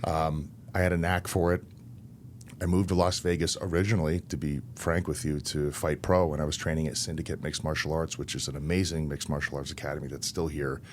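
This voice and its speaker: A man in his thirties, a wrestler and interview guest, telling stories in a relaxed, anecdotal way with laughs between lines. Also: a bass voice, fairly quick, slight background noise. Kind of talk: casual interview storytelling.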